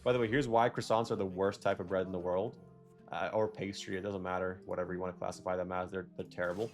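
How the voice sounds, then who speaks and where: Low-voiced young man rambling over gameplay. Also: little pitch movement, fast, soft background music. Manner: rambling, self-correcting, jokey rants. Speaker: gaming video creator. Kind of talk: casual gameplay commentary with tangents.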